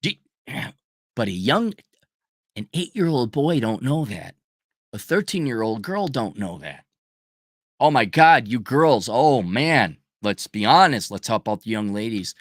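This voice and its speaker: A middle-aged man ranting in a profane, mocking monologue, often mimicking people in a high falsetto. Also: sing-song, a little slow, dry recording, clean studio sound. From United States. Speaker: channel host.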